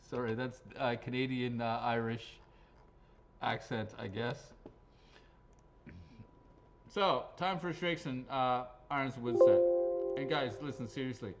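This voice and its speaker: A man hosts raffle draws on a live stream in a loose, chatty way. He cracks jokes and swears freely as he goes, and his voice sits at a middling pitch. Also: measured pace, pauses often. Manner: casual, jokey, swears freely. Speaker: raffle host.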